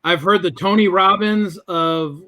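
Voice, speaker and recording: A man's voice: high-pitched, measured pace, bright, forceful tone. A man telling a business story as a guest in an interview, acting out both sides of the conversations.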